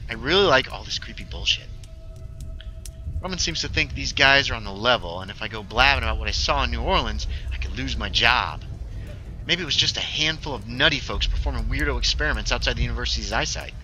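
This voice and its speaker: Sarcastic young witch girl, guy reading her lines, bright voice that jumps around. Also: mid-range voice, animated, quick pace, soft background music, low-quality recording. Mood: wry. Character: young witch woman, wry and secretive.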